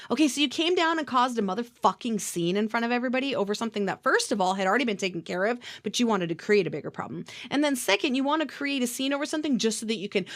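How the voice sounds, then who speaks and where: A woman's voice: fairly high pitch, expressive, fast talker. A woman co-hosting a podcast, telling a story in a heated, profane rant. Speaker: podcast co-host. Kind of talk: casual chat.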